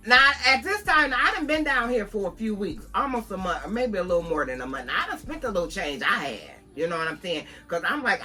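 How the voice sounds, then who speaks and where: A woman's voice: mid-range voice, sing-song, brisk, few pauses, bright, forceful tone. A woman from Buffalo, New York, vlogging a casual storytime to her viewers, talking conversationally and calling her listeners "girl".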